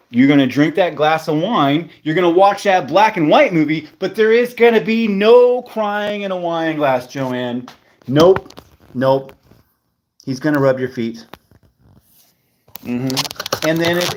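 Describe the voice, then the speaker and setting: A man hosting a live stream, chatting casually with viewers in a playful, teasing, rambling way. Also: fairly high pitch.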